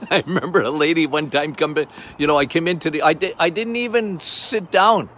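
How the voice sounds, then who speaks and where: An older man hosting a health podcast as a doctor, talking loudly and passionately in a casual monologue. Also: a little high, brisk, slight background noise. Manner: loud, passionate, emphatic.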